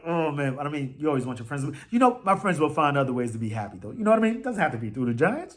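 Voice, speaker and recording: A man hosts a fan podcast about football, talking fast with few pauses in a fairly high voice. His style is casual, animated and full of trash talk, packed with slang and filler words.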